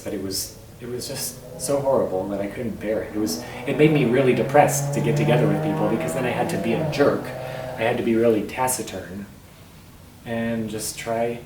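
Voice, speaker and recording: Vlogger, male, strained voice with throat catches, halting delivery, recorded off-mic in a reverberant room. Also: on the low side, a little mellow, recorded from a distance, slight background noise. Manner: halting, with frequent restarts and throat clearing. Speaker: vlogger sharing his voice disorder. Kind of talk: personal vlog storytelling.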